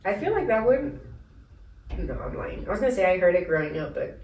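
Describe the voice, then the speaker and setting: A woman's voice: on the low side, very animated, a little fast, gravelly, darkish tone, far from the mic. Young woman, podcast co-host, casual chat, laughs a lot, swears freely, echoey room, a bit away from the mic. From Mexican-American family. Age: young adult. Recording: roomy echo, voice a bit off-mic, faint noise.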